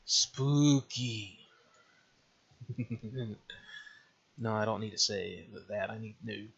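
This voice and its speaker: On a slightly dull lo-fi recording, a man hosts a casual screen-recorded game development tutorial, muttering and thinking aloud as he clicks through menus at his computer. His voice is lowish and slightly rough, with vocal fry and a fairly bright tone, delivered flatly and slowly.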